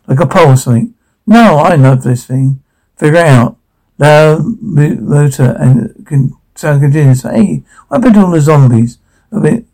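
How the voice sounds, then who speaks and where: A man reading a zombie game's captions and dialogue aloud, naming the sound cues in a flat, matter-of-fact way. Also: a little high, creaky, poor audio.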